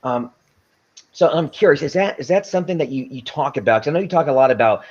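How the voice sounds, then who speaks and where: A man hosting an interview, talking casually and often pausing to search for words. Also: fairly high pitch, animated, darkish tone. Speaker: host. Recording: dull lo-fi audio.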